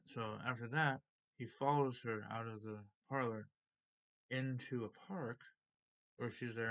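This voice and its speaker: A man's voice: mid-range voice, a bit bright. A man hosting a comic book video, casually retelling a story and unboxing comics in a loose, rambling way.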